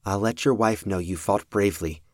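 A calm machine intelligence speaks through a wristband in a level, matter-of-fact tone, as a male narrator puts it on. The voice sits low and dark, and the recording is dry and close. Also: a little fast, dry recording, natural voice.

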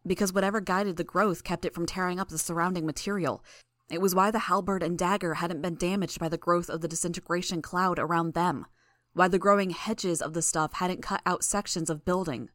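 A woman narrating a first-person story in a measured, tense way. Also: lowish voice, fairly even intonation, fairly bright tone, no echo, clean studio sound.

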